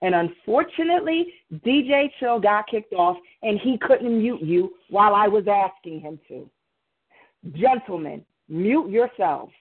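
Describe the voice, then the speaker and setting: A woman's voice: medium pitch, lively intonation, a little slow, breathy edge. A woman hosting a live call-in radio show, speaking formally and trying to restore order. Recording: narrow phone-line sound.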